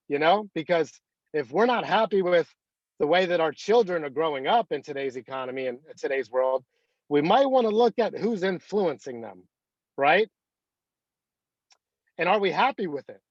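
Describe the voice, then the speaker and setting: A man's voice: a little high, animated, moderate pace, pauses often, no echo, muffled recording. Rambling man leading a team call. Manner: rambling, anecdotal, many fillers. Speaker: team leader. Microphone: video call.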